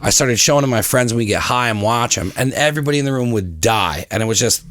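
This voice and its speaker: A man's voice: medium pitch, fast, a bit bright, no room sound, studio quality. A man hosting a podcast, telling loose, rambling stories in casual chat and swearing often. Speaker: podcast host.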